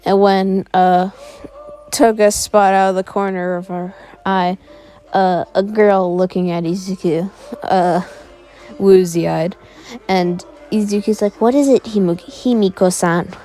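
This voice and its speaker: A woman's voice: mid-range voice, level tone, slow, warm tone. A woman casually telling a fan story, rambling along with many fillers. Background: faint background music.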